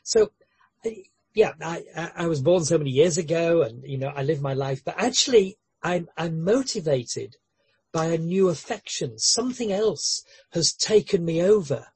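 A man's voice: on the high side, animated, moderate pace, darkish tone, husky, no echo. A man preaching a sermon in an earnest way, with light humorous asides and frequent word repetitions and restarts.

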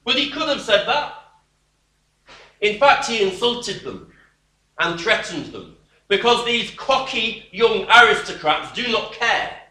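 Bright-voiced preacher in an echoey room. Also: male voice, sits high, measured pace. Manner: emphatic and expressive, with wry dismissive asides. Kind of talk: sermon expounding scripture. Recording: echoey room, voice heard from away from the mic.

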